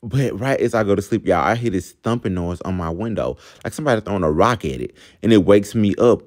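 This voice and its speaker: Young male vlogger, low voice, chatty storytime delivery that keeps calling out to viewers. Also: animated, fairly quick, darkish tone. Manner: chatty, addresses viewers as y'all, laughs at himself. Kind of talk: casual storytime vlog.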